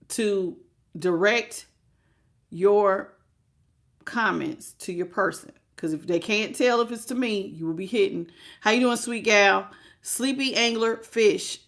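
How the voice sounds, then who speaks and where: A woman's voice: mid-range voice, a bit bright. A woman hosting a live-stream tarot reading. She talks straight to the listener and greets viewers by name, calling them sweetheart and baby. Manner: speaks directly to the listener.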